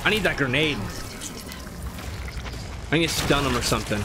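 A man narrating his own horror game run, muttering plans and then shouting in panic when chased. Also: fairly high pitch, normal speed, long pauses, music in the background. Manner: swings from mumbled planning to panicked yelling. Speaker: gaming YouTuber. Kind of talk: let's play commentary.

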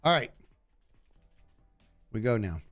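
Animated jokey man streaming a game. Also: medium pitch, slow, soft background music. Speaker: gaming streamer. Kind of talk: casual live game commentary.

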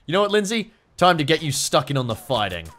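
A young Australian man giving let's-play commentary, excitable, swearing and yelping at the action on screen. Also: a little high, a little fast. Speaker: gaming YouTuber.

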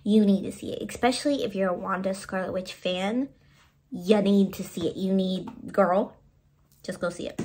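A woman chatting to her phone camera at home, gushing and excited as she shows off her birthday haul, laughing often. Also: mid-range voice. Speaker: vlogger showing a birthday haul. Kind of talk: casual chat to camera.

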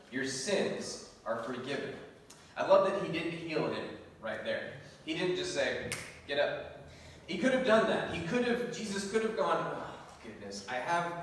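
A man's voice: on the high side, a little hiss or hum. Man preaching in an echoey church. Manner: animated storytelling with laughs and scripture reading. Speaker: pastor. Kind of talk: sermon. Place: church sanctuary. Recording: echoey church hall from far off.

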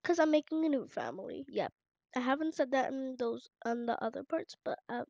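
A woman's voice: sits high, lively intonation, fairly quick, creaky, a little mellow, no echo. Chatty woman host narrating a casual game story; dry, dull lo-fi home recording. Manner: chatty, rambling, talks aloud as she plays. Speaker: channel host. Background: family noise in the home.

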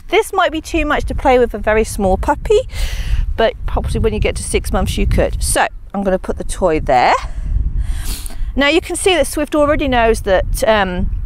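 A woman's voice: on the high side, big pitch swings, moderate pace, a little hiss or hum. A woman dog trainer giving a chatty, casual training demonstration, talking to her dogs between explanations.

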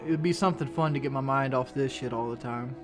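A man's voice: medium pitch, fast talker, over music. A man talking casually on a live stream, venting his frustration, swearing a lot and often restarting his sentences. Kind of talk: casual live-stream talk, answering chat.

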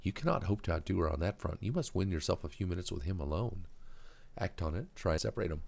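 A man's voice: sits low, lively intonation, quick pace, creaky, darkish tone. A man playing a game, reading its text aloud and muttering skill names. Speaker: gamer.

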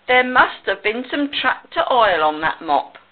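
A woman's voice: on the high side, big pitch swings, a little slow. A woman voicing a kindly female cow who speaks reassuringly and contritely, on a tinny recording.

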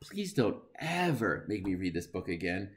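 A man's voice: low voice, sing-song, normal speed. A middle-aged man reading a picture-less children's book aloud, playful and mock-dismayed, bursting into silly sounds. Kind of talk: animated read-aloud for kids.

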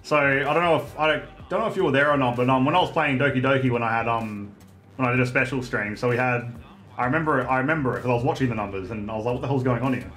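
A man hosting a casual stream podcast, animated and swearing freely, laughing often. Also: mid-range voice, racing. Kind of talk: casual chat on a livestream. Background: faint music.

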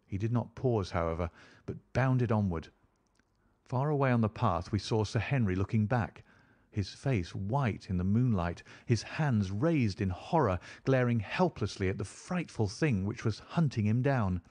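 A man reading an audiobook aloud in a steady, dramatic storytelling manner. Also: on the low side, unhurried. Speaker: audiobook narrator. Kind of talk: scripted narration.

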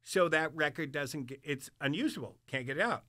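Older man, bright voice, fairly high, animated, swears a lot, casual storytelling. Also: fairly quick. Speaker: guest musician.

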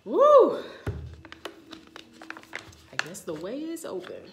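A woman's voice: medium pitch, unhurried, over loud music. A woman giving an informal, live-streamed spiritual talk to the camera, speaking straight to her viewers in a chatty way. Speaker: spiritual reader. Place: indoor room. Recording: echoey room, faint background noise.

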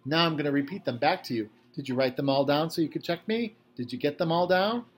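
A man reading aloud, voicing a cheerful, lonely old retired electrician who gets childishly excited. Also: fairly high pitch, fast talker, close to an everyday voice. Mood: eager.

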